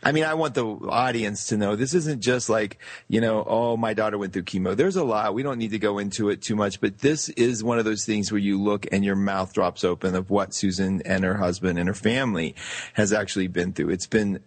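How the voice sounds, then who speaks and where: A man's voice: fairly low pitch, a little fast, dry recording. A man hosting an interview, asking enthusiastic, rambling questions with many restarts. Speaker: interview host. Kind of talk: casual interview chat.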